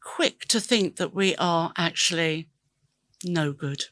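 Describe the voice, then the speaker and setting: Lady doing a self-help podcast, slow and bright, really encouraging, dry close sound. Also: fairly low pitch, dry recording. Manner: encouraging, earnest, speaks directly to listeners. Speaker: podcast host. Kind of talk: motivational self-help talk.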